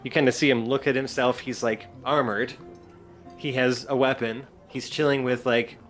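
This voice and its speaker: A man's voice: mid-range voice, steady tone, normal speed, soft background music. Loose-talking man running a tabletop game. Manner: loose, filler-heavy, laughing narration. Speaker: game master.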